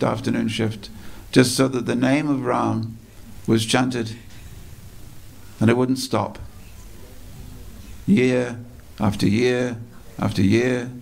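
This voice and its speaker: Male preacher, gravelly tone, storytelling sermon in a temple hall, unhurried and repetitive. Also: medium pitch. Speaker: speaker at a temple festival.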